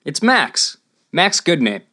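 An eager young boy squire who talks with earnest bravado, as a woman reads him. His voice sits very low for a woman yet swings widely in pitch, boyish and animated. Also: slow, full character voice.

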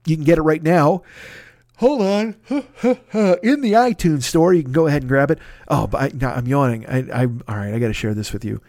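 A man's voice: medium pitch, a little mellow, dry recording, studio quality. A man in his fifties hosting a casual solo podcast, rambling and swearing freely with self-mocking asides. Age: 50s. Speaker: podcast host.

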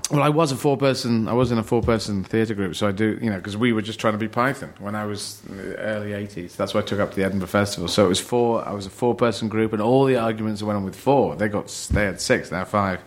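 A man's voice: on the low side, fast, few pauses. A middle-aged man from England, a comedian in casual podcast chat, rambling and laughing as he talks, restarting his sentences often. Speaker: comedian guest.

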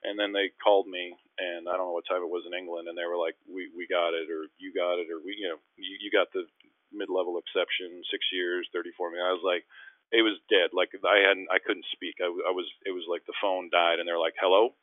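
A man being interviewed, telling stories in a rambling, animated way and acting out the people he quotes. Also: deep voice, brisk, no room sound. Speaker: interview guest. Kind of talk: casual storytelling. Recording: phone-like, dry line.

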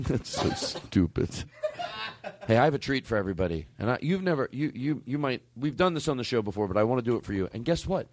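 Male comedy podcast host, middle-aged, rambling and profane, lively delivery. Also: mid-range voice, fast talker. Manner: rambling, profane, self-mocking.

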